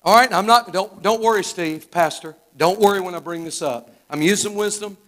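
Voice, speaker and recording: Southern preacher guy in his 50s, real high voice, fervent folksy storytelling sermon in church. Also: normal speed, a bit bright. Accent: Southern American. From Arkansas. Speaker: guest preacher. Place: church sanctuary.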